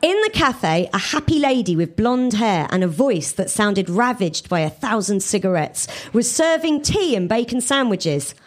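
A woman comedian reads her own comic fan fiction to a live audience, in an animated, giggly way. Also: mid-range voice, normal speed, few pauses.

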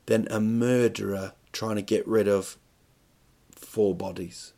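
A man's voice: on the low side, takes it slowly, vocal fry, darkish tone. A middle-aged man hosting a podcast, rambling through a crude comic monologue with stop-start phrasing and rhetorical questions. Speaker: podcast host.

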